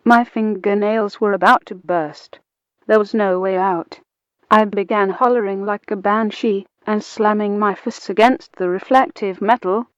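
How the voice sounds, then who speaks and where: A woman reading a first-person short story aloud in a slow, deliberate way, acting out the quoted lines. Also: mid-range voice, fairly even intonation, no echo. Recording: dull, muffled lo-fi recording.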